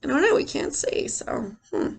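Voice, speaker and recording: A woman teacher reading a picture book aloud to children in an animated way, stopping to ask them questions. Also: high voice, moderate pace, vocal fry.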